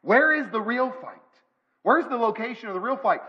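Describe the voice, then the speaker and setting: A man preaches a sermon in a church, pressing his points with repeated phrases. His voice sits high for a man. The recording is dull and lo-fi. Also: lively intonation, normal speed. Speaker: pastor. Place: church sanctuary.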